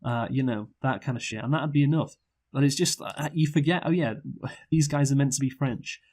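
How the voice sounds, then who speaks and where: A man in relaxed conversation about a film, his speech full of "you know" and "like", stumbling restarts, and the odd curse. His pitch sits in an ordinary middle range for a man. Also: normal speed. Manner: rambling, profane, lots of fillers and restarts. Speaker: podcast co-host, film reviewer. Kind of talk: casual review chat.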